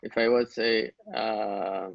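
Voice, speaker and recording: A man's voice: on the low side, steady tone, slow pace, vocal fry, no echo. A man teaching an Arabic grammar lesson, explaining step by step and checking understanding with questions to his students. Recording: dull lo-fi dry recording.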